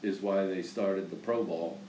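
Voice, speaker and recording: Captured far from the mic in a roomy space with slight hiss, a man with a low voice talks sports at a measured pace. He's a lively storyteller in this casual chat, voicing both sides of the conversations he recounts.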